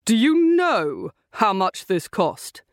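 A woman voicing an indignant grown man shouting angrily at his brother in an audiobook. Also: mid-range voice, sing-song, takes it slowly, dry recording, clean studio sound. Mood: furious.

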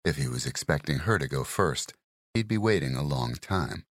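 A man narrates a crime thriller with an exceptionally deep, bass-heavy voice. His delivery is measured and even, in steady storytelling. The recording is close and completely dry, with no room sound. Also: no echo. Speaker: audiobook narrator.

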